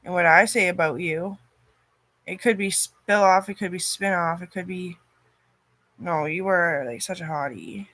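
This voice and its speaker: A woman in a rambling personal monologue, cursing often, her loudness swinging from loud outbursts to near-murmurs. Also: lowish voice, unhurried, no echo.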